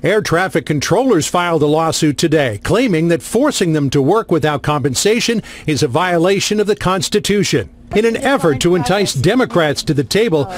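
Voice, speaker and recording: Formal male news correspondent. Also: sits high. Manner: steady, formal delivery. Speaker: White House correspondent. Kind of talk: news report.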